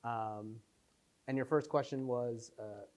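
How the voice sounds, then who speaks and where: Rambling, animated young man at Q&A. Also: medium pitch, slow pace. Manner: rambling, animated storytelling with many fillers. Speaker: filmmaker at Q&A. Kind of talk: casual post-screening Q&A.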